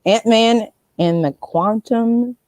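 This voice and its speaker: A woman hosts a casual live stream, chatting loosely and calling out viewers' names as they arrive. Her voice is mellow and soft-edged. The sound is dry and close. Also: fairly high pitch, slow pace, no room sound. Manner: chatty, rambling, greets viewers by name.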